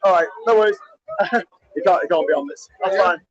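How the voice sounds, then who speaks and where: A man live streaming at a crowded party, cheering, shouting greetings and chatting excitedly, getting hoarse. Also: high-pitched, a little fast, muffled recording. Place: crowded indoor party venue.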